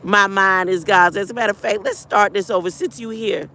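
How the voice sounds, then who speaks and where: A woman's voice: mid-range voice, brisk, bright, forceful tone. A woman hosting a livestream, rambling and preachy, talking back to her chat and reciting spiritual affirmations. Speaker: livestream host.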